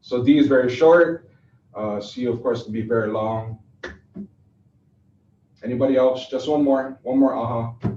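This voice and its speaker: A man's voice: medium pitch, a little slow, long pauses, dark tone. A man leading a sales training session, talking loosely and chattily with many fillers. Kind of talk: classroom training talk. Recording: echoey, distant, dull room recording.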